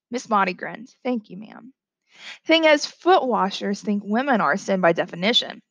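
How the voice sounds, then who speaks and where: Lively woman teacher reading aloud. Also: normal speed, no room sound, lo-fi sound. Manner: reads dialogue with lively pitch jumps, stops to explain. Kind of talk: classroom read-aloud with commentary.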